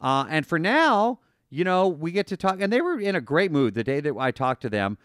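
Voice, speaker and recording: A man's voice: fairly high pitch, big pitch swings, moderate pace, a bit bright, clean tone, no echo, clean studio sound. A man hosting a podcast, talking casually and enthusiastically, often repeating and restarting words. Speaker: podcast host.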